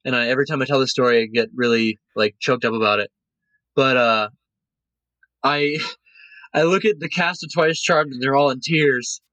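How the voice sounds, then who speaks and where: A man's voice: mid-range voice, normal speed, long pauses, bright, forceful tone, no echo, rough recording. A man telling a story as a guest on a podcast, casual and emotional, acting out the voices of the people he quotes. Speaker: guest, cruise line cast member.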